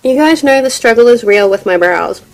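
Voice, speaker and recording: A woman's voice: a little high, expressive, normal speed, soft background music. A young woman with a nasal voice from getting over bronchitis, chatting through a rambling get-ready-with-me beauty vlog. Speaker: beauty vlogger.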